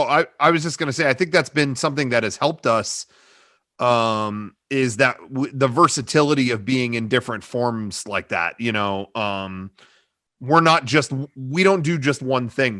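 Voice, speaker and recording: A man's voice: mid-range voice, moderate pace, sharp tone, no echo, studio quality. A middle-aged man, a comedy video creator, answering interview questions over a video call in a rambling way full of fillers. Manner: rambling, hedging, many "you know" fillers. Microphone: desk microphone on a cable.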